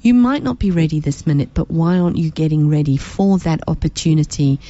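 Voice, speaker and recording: A woman's voice: sits low, fairly quick, warm tone, highs cut off. A woman hosting a radio talk show, direct and encouraging as she speaks to listeners. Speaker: radio host.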